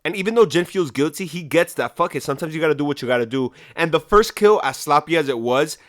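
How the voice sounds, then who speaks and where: Young guy cracking jokes while recapping a game plot, kinda high voice, swears a ton. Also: animated, quick pace, hardly any pauses, fairly bright tone. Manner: profane, sarcastic slangy storytelling. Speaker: video game story recapper. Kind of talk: comedic story recap.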